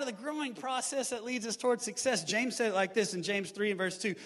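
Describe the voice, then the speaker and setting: A male pastor giving a live sermon, building to shouted emphasis with repeated refrains. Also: high-pitched, quick pace, few pauses. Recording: live sermon in reverberant hall.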